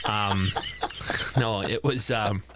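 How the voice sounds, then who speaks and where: A man's voice: fairly low pitch, slow pace, background noise. A man from Wisconsin co-hosting a podcast in casual chat, telling stories and laughing often. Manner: laughs often, animated storytelling. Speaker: podcast co-host.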